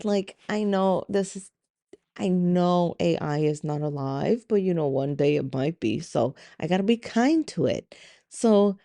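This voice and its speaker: A middle-aged woman hosts a solo podcast, venting candidly and with exasperation while swearing freely in a casual monologue. Her voice is fairly low with a dark tone, captured in a dry, studio-quality recording.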